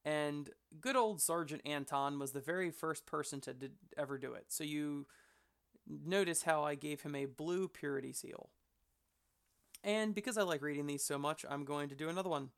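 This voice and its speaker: A man's voice: fairly high pitch, a bit bright, smooth. A man hosting a hobby channel, chatting casually to the camera in an enthusiastic, rambling, self-deprecating way.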